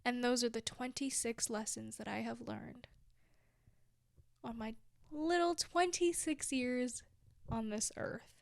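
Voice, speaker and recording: A woman in her twenties giving heartfelt, emphatic life advice as a vlogger, dropping now and then into soft whispered asides. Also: fairly high pitch, slow, creaky, long pauses, dry recording. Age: 20s. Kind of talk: heartfelt motivational talk.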